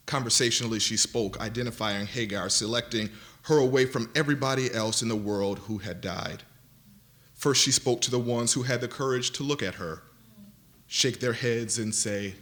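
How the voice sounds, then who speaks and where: Man giving an expressive literary reading. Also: medium pitch. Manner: dramatic, varied delivery that slows for vivid images. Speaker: panelist reading aloud. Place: university lecture event.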